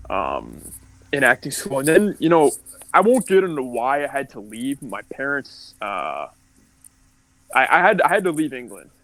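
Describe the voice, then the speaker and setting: A man's voice: mid-range voice, a bit bright, no echo, poor audio. A young man from California telling his life story as a podcast guest, candid and rambling, full of likes and restarts. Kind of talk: casual storytelling.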